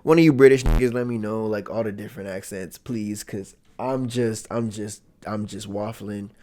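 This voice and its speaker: A man's voice: fairly low pitch, moderate pace. Slangy joking young man reviewing a movie. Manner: slangy, joking, swings from loud to mumbling asides. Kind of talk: casual movie review commentary.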